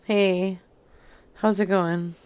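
A woman's voice: mid-range voice, fairly even intonation, drawn-out words, a little mellow, smooth. A woman hosting a podcast, making crude, sassy prank phone calls and laughing often. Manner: sassy, brash, laughs a lot. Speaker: prank-calling podcast host.

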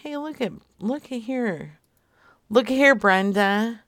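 Slow, smooth-voiced woman prank caller. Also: fairly high pitch, fairly bright tone, no echo, clean studio sound. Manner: teasing, mock-stern, playful. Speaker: streamer making prank phone calls. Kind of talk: live prank-call stream.

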